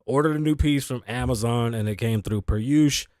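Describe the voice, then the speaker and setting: Recorded on a studio mic through an audio interface, the sound is clean with no room sound. The host, a man from the Bronx in New York, talks at a slightly fast clip in a medium-pitched, somewhat mellow voice. Tired and sleepy, he rambles through a casual solo talk show monologue full of profanity and self-deprecation.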